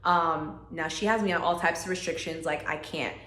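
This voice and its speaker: A woman recounts a personal testimony to her viewers in an easygoing, talkative way, peppered with "like" and "y'all." Her voice sits a little low, and she shifts her pitch to play the people she quotes. The room has a noticeable echo. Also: fairly even intonation, normal speed, fairly bright tone. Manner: chatty, heavy use of "like", addresses viewers as "y'all". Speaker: vlogger sharing a personal health testimony. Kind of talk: casual storytelling testimony.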